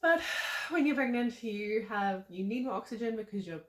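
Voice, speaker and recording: A woman's voice: fairly high pitch, animated, normal speed. A pregnant woman in her twenties, slightly out of breath, chatting to camera with lots of ums and small laughs. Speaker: vlogger. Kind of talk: casual talk to camera. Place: seated indoors. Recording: roomy echo.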